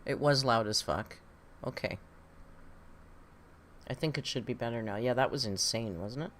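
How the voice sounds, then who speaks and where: A woman's voice: extremely low pitch, moderate pace, a little hiss or hum. A woman hosting a casual live-stream reaction, chatty and exclamatory with some swearing. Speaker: livestream reaction host.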